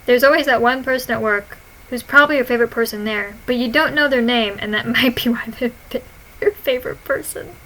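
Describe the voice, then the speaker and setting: A young woman vlogger casually reading out her own posts, giggling, swearing and retelling stories in an animated way. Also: a little high, a little fast, rough recording.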